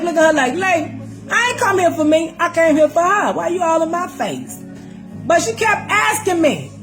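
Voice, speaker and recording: A middle-aged woman telling her own life story in casual speech, acting out the voices of people in it and calling the listener "baby". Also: high-pitched. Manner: Southern Black American vernacular, calls listener "baby".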